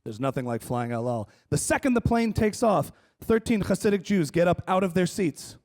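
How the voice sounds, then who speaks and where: Wry high-voiced comedian. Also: male voice, moderate pace. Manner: wry, animated, plays to the crowd. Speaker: stand-up comedian. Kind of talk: stand-up comedy set on stage. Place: large conference hall stage.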